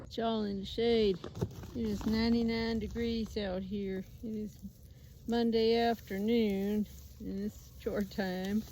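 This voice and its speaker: A woman's voice: mid-range voice, level tone, takes it slowly, warm tone, a little hiss or hum. A woman vlogging outdoors on her farm in a chatty, casual way, sometimes talking sweetly to her animals. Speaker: homestead vlogger. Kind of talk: casual farm vlog narration. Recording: faint outdoor ambience with farm birds. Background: chickens and ducks clucking.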